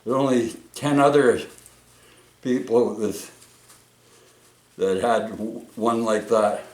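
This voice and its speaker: A Vancouver vlogger rambles slowly through casual stories at home, restarting often and throwing in interjections like "oi" and "right?". His medium-pitched, darkish voice holds a steady tone. He sits far from the mic, so the indoor room adds an echo.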